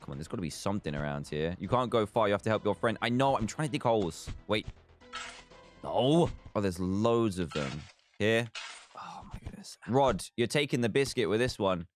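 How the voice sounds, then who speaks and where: A young British man giving joking, animated commentary while playing a video game. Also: on the low side, moderate pace, soft background music. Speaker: gaming video host. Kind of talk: let's play commentary.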